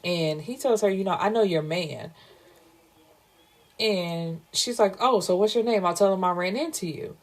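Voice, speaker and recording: A woman recaps a romance novel in a casual, animated way, cutting in with blunt, profane reactions of her own. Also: mid-range voice, moderate pace. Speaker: book reviewer.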